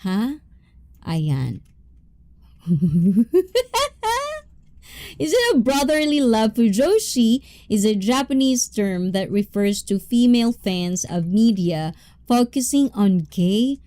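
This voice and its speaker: A young woman chats with her viewers on a livestream, reading their comments aloud and laughing often. Her voice is mellow and her pace is slow and easy. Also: mid-range voice, animated. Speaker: livestream host reading chat. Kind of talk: casual livestream chat.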